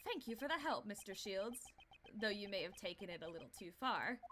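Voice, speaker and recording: A woman reading the lines of a cool, composed male prosecutor in a game, with a measured, formal delivery. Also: mid-range voice, animated, sharp tone, slight background noise. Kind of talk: game dialogue read aloud.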